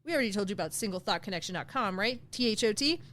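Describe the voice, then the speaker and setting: A woman co-hosting a podcast, reading a playful outro with mock threats and quick jokes. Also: mid-range voice, expressive, fairly bright tone. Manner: mock-threatening, jokey plugs. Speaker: podcast co-host.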